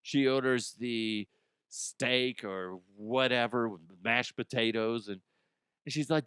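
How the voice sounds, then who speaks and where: Casting note: male host, loose profane comedic rant, smooth voice, dry close sound. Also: medium pitch, slow pace, a bit bright, no room sound. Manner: profane, rambling, acts out imagined people. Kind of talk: casual comedic news rant.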